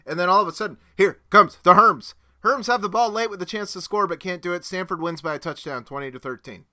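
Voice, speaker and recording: This sports podcast co-host talks fast in a high-pitched, bright, forceful voice from a home studio. The show is casual, and he keeps it chatty and joking, laughing often between points.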